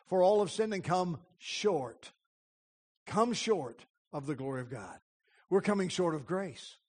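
Slow, emphatic male preacher. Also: high-pitched, animated. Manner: deliberate, emphatic preaching with repeated phrases. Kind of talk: sermon.

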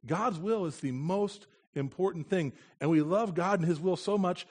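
An American missionary gives a conversational sermon in a church, his voice high-pitched and his pace moderate. He comes across as earnest and plain-spoken, with occasional light humor.

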